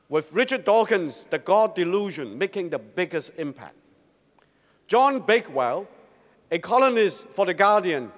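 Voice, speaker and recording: High-voiced man speaking in a reverberant hall. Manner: measured, rhetorical, earnest. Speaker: speaker at a Christian congress. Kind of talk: formal prepared address. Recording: long reverb of a large hall.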